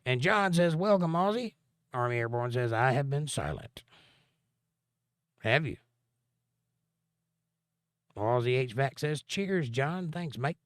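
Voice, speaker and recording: A man's voice: mid-range voice, expressive, slow, pauses often, no room sound. A man hosting a livestream, reading viewer comments aloud and answering them with dry, sarcastic jokes. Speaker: livestream host.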